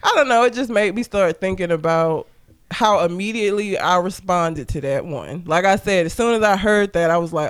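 High-voiced Southern man, laughing a lot. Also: brisk, clear, resonant tone. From Alabama, US. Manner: animated, laughs often, swears freely. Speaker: podcast co-host. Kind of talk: casual chat.

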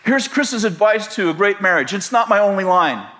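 A male pastor preaching in a high voice that swings widely in pitch. He tells a story with humor and laughs often as he goes. His delivery is animated. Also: normal speed, a faint crowd. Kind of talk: sermon.

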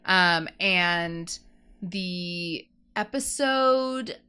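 Woman cohost, bright tone, rambles with lots of "like". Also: on the low side, drawn-out words, clean tone. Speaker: podcast co-host. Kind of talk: casual chat.

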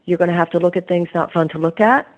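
A woman's voice: on the low side, quick pace, muffled recording. A woman author being interviewed, telling her story in an earnest, reflective way. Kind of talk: conversational interview.

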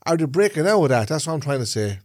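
A man's voice: fairly high pitch, big pitch swings, fast, a little mellow, dry recording, studio quality. A middle-aged man with an Irish Traveller accent, rambling in casual podcast chat and often checking that he is understood. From Ireland. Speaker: podcast co-host.

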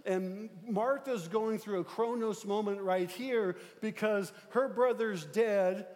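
Preaching in a conversational way, a male pastor leans on fillers and keeps checking in with the congregation. His slightly mellow voice sits high, and he speaks a little slowly with few pauses, in long hall reverb.

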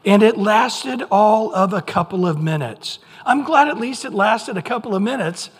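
Older American pastor preaching in a reverberant hall. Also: male voice, high-pitched, normal speed, husky. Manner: animated preaching with acted-out voices. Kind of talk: sermon. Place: church sanctuary.

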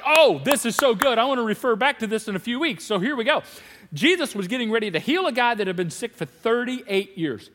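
Animated high-voiced male pastor. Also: long reverb tail. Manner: animated, acts out biblical dialogue with laughs. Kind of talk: sermon. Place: large church hall.

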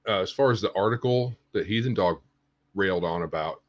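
Low-voiced, joking male caller. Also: brisk, dull audio. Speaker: caller on a livestream. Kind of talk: casual chat.

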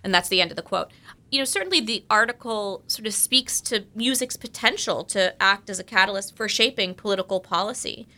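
Woman, panel host, poised and formal, bright voice. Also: medium pitch, brisk. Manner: reads a careful, formal question. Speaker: host posing questions. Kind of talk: prepared question on a panel.

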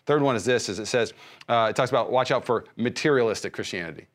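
A man's voice: medium pitch, quick pace. Man preaching with rising passion. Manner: passionate, swings from loud rising emphasis to soft hushed lines; frequent fillers and restarts, conversational preaching. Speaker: pastor. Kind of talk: sermon.

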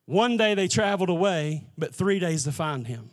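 A man with a notably high-pitched voice delivers a church sermon. His preaching leans on repetition and climbs into impassioned, near-shouted calls. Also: lively intonation, moderate pace. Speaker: pastor.

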